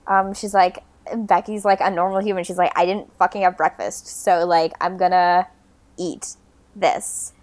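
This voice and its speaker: A woman's voice: fairly low pitch, little pitch movement, normal speed. A young woman chatting through a movie recap on a podcast, loose and rambling. She fills gaps with ums and swears casually while acting out lines. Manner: rambling, many ums, swears freely, mock voices for characters. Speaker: podcast co-host.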